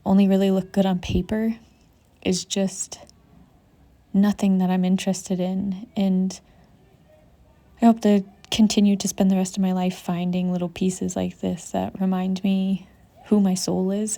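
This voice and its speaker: A young woman vlogging outdoors on a mountain trip. She talks in a soft, reflective and emotional way, saying "like" constantly and sometimes dropping into a whisper. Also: medium pitch, completely flat delivery, a little slow, gravelly. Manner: soft, emotional, heavy use of "like", drifting into whispers. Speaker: travel vlogger. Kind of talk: reflective casual vlog talk.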